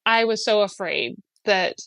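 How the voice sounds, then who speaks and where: A middle-aged woman recounts a deeply personal spiritual experience as a podcast guest. She talks in an animated way, jumping up in pitch when she quotes people and breaking into laughs. The recording is dry and close. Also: unhurried, creaky, dry recording. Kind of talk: emotional personal storytelling.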